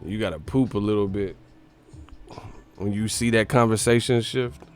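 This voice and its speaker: A young man hosting a casual boxing live stream, talking loosely and profanely, now and then doing quick impressions. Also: fairly low pitch, soft background music. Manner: profane, animated, slips into impressions.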